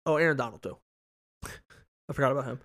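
A man's voice: mid-range voice, fairly quick, a bit bright. A man co-hosting a sports podcast in casual chat, rambling, repeating words and swearing freely. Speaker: podcast co-host. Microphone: podcast microphone.

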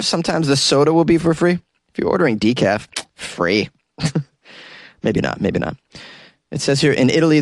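A man's voice: medium pitch, dry recording, studio quality. A man hosting a radio talk show, reading news stories and adding wry, sarcastic asides in a casual way.

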